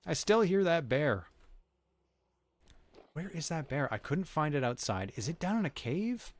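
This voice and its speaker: A man's voice: medium pitch, big pitch swings, moderate pace, no echo. A man hosting a game livestream, chatting loosely and reacting to his chat as he plays. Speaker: livestream host. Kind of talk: casual chat while playing a game.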